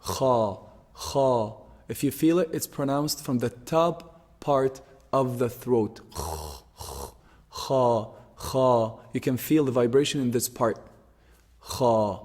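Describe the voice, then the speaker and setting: A man teaches pronunciation, slowly and patiently repeating each sound so learners can copy it. His voice sits at an ordinary middle pitch. The recording has a long, hall-like echo. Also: steady tone, a little mellow. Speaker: Quran teacher. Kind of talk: pronunciation lesson.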